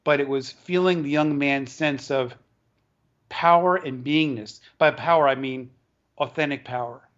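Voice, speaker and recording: A man, an author and educator, tells a long story as an interview guest, halting often and restarting his words. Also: a little high, fairly bright tone. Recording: dull lo-fi recording.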